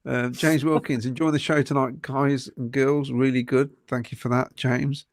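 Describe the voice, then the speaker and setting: Male co-host, mid pitch, dry close sound, reads comments with ums and laughs. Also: level tone, moderate pace, no room sound. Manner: reads comments aloud with frequent ums and chuckles. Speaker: podcast co-host reading fan comments. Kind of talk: casual podcast chat.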